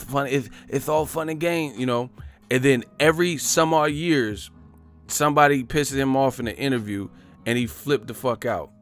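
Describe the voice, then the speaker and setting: A man hosting a live boxing stream, chatting casually in slang, swearing and laughing often. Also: mid-range voice. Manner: slangy, swearing, laughs a lot, does voices. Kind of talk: casual livestream chat.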